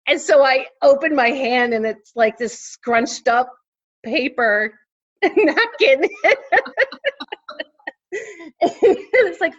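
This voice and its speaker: Woman, forties, podcast guest, animated storyteller, fillers, dull lo-fi sound. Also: high-pitched, drawn-out words, pauses often. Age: 40s. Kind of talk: casual interview storytelling.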